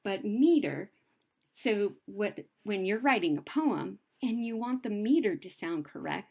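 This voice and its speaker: Lively sing-song woman teacher, phone-like sound. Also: medium pitch, vocal fry, breathy edge. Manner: patient, sing-song teacher talk, slows to sound out words. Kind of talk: recorded classroom lesson.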